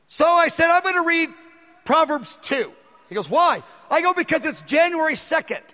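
A man's voice: very high voice, lively intonation, moderate pace, sharp tone. A man preaching a sermon, telling a story and acting out the dialogue in it with animation. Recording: long hall reverb.

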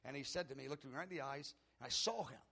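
A man's voice: medium pitch, very fast, vocal fry, bright, forceful tone, slightly rough. A middle-aged man preaching a sermon, telling a personal story with earnest emotion that builds in intensity. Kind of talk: sermon testimony.

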